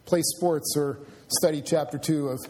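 A man preaching a sermon in a church, earnest and halting, often restarting his sentences and filling pauses. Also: a little high, fairly even intonation, dark tone, slight background noise. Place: church sanctuary.

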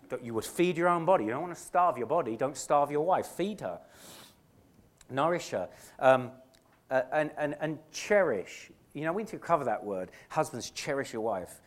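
Delivering a sermon from a church pulpit, this middle-aged man from Britain speaks at a moderate pace in a slightly high voice. He's earnest and lively, often starting phrases over and dramatizing the quotes he uses.

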